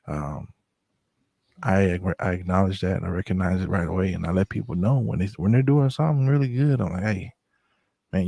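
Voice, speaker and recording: Deep gravelly man, easygoing storyteller. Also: no echo. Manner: relaxed, reflective, many fillers. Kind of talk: casual storytelling chat.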